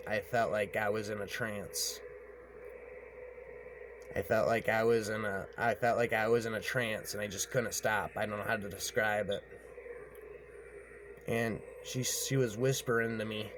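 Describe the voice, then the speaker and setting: A man with a fairly low voice rambles through a horror story out loud, with noise audible behind him. He repeats himself a lot and keeps ending lines with "man."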